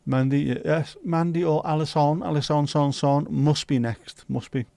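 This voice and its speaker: A man's voice: a little high, gravelly, mellow, dry recording. A man hosting a casual livestream, chatty and jokey as he reacts to chat messages. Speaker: livestream host.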